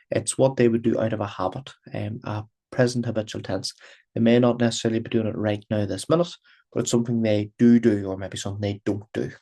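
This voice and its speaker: A man's voice: lowish voice, dark tone. A man giving a recorded grammar lesson as a language teacher, explaining patiently and repeating terms in two languages. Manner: patient, repetitive explaining, switching between Irish and English.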